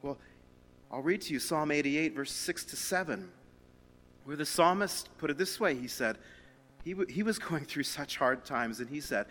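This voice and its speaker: A man preaching a sermon to his church in a conversational, animated way, reading scripture aloud and telling stories on himself. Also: fairly high pitch, normal speed. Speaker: pastor. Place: church hall. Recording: reverberant church hall.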